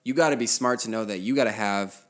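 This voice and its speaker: A man co-hosting a podcast, telling a story in animated, slangy casual chat. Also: on the low side, fast talker. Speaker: podcast co-host.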